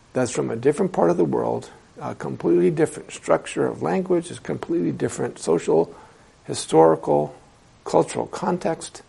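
A man's voice: mid-range voice, creaky, warm tone, husky. A man teaching translation in a classroom lecture, explaining step by step and asking the class rhetorical questions. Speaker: translation instructor.

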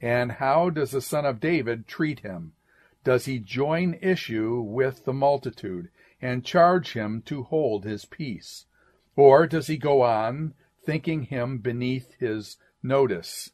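A man reading an old sermon aloud in a measured, deliberate way, speaking each "quote" and "end quote". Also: medium pitch, a little mellow. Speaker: sermon reader.

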